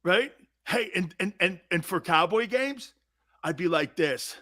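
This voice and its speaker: A male sports talk show host ranting loudly and mockingly, acting out angry fans in bits. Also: sits high, animated, a little slow. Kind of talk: animated sports talk rant.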